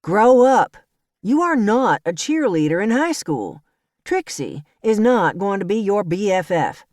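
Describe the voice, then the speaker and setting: A woman voicing a blunt, no-nonsense grown woman who talks curtly and flatly. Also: mid-range voice, measured pace, no echo, clean studio sound. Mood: stern.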